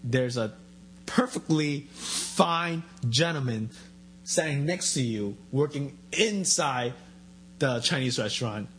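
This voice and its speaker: A man's voice: mid-range voice, slow, slight background noise. A man chatting casually, acting out voices as he tells stories. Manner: animated storyteller acting out quotes. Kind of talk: casual chat.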